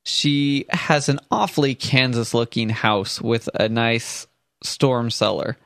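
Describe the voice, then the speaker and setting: A man's voice: mid-range voice, slow pace, gravelly, fairly bright tone, no echo. A man co-hosting a podcast, chatting casually and playfully with frequent laughs. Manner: playful, laughs often, jokey asides. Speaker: podcast co-host.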